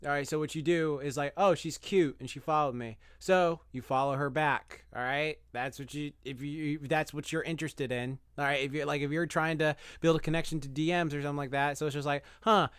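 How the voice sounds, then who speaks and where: A man's voice: fairly high pitch, steady tone, brisk, hardly any pauses, a bit bright, clean tone, no room sound, studio quality. A man casually giving dating advice on a podcast, rambling and swearing, acting out imagined messages in a raised voice. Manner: rambling, swears, acts out quoted texts in a raised voice. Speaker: podcast co-host.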